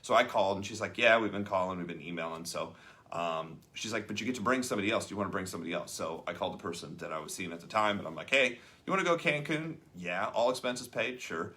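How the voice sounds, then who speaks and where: A man with a low-pitched, sharp voice races along as he hosts a casual talk show. Chatting about a leadership book, he tells a story and acts out the voices of the people in it.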